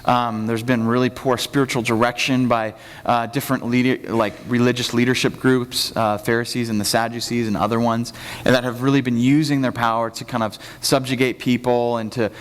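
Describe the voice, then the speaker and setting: Male pastor, conversational sermon, lively acted-out quotes, long church-hall reverb. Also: medium pitch, fairly quick. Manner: casual, animated storytelling with acted-out quotes. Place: church sanctuary.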